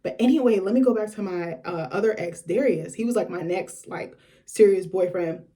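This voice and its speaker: A woman's voice: mid-range voice, moderate pace, mellow. A young woman telling a candid story to the camera, chatty and casual, with lots of filler words. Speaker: vlogger host.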